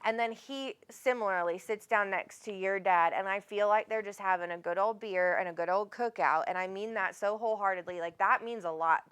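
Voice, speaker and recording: A woman's voice: medium pitch, a little fast, few pauses, a bit bright, smooth. A woman hosting a live psychic reading, chatty and rambling, often calling people honey. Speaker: psychic medium host.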